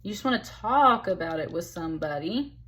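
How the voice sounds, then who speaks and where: A woman's voice: fairly low pitch, expressive, a little fast, a bit bright. A woman giving a casual, chatty tarot reading, talking straight to the listener and calling them honey. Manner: chatty, emphatic, calls the listener honey and baby. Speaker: tarot reader.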